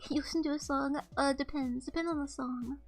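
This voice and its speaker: A woman's voice: high voice, fairly even intonation, fairly quick, faint music behind. A young woman streaming live, chatting casually and reading chat messages aloud in a playful, self-mocking way.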